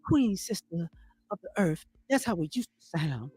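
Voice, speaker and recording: A man putting on a hushed, syrupy flatterer. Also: sits high, moderate pace, slightly rough, no echo, soft background music, voice pushed down, heavily acted. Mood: mock tender. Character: soft-spoken flattering man, gushing praise.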